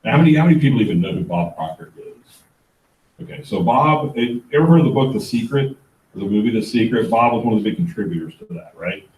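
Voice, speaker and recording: A middle-aged man giving a motivational talk at a real estate planning event, an animated storyteller who acts out the dialogue. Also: on the low side, fast talker. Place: event room. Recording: echoey room, distant mic.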